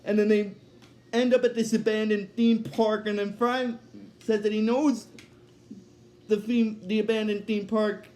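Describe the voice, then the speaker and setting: High-voiced man recapping haltingly. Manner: halting, filler-heavy retelling. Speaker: episode recapper. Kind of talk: casual episode recap.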